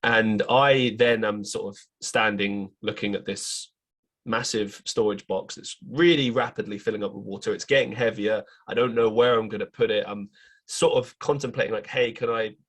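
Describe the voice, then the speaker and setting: A man's voice: on the low side, moderate pace. A young man hosting a podcast, telling a story in a casual monologue and acting out the people he quotes. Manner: animated retelling, quoting others in raised voices. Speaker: podcast host.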